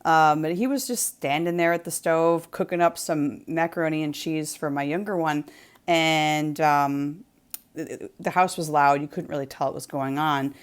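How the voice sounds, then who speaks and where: A woman's voice: low-pitched, moderate pace, clear, resonant tone. A woman from New England hosting a craft livestream from her home, telling a story in a rambling, chatty way full of ums and likes. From New England, USA. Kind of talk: casual chat storytelling. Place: home, near the kitchen.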